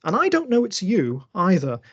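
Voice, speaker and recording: A man's voice: high voice, huge pitch swings, normal speed, fairly bright tone, breathy edge, dull audio. A man giving an online masterclass talk and answering questions on a video call, thinking aloud with many fillers and restarts. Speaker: lecturer.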